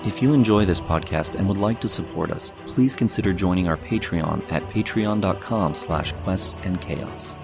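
A man's voice: low voice, normal speed, vocal fry, hardly any pauses, music in the background. A man hosting a tabletop game podcast as dungeon master, chatting loosely and laughing with his players. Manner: lively, laughing, loose banter. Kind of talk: casual tabletop game chat.

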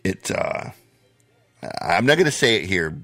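An American man hosting a podcast in casual, profane chat, his voice hoarse and wearing out. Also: low voice, very animated, measured pace, sharp tone, no room sound, faint music behind. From United States. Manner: blunt, profane, laid-back. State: losing his voice. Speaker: podcast host.

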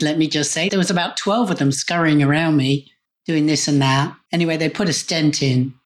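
A man, a podcast guest and coach, recounting a personal story in a candid, conversational way. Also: a little high. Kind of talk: casual storytelling.

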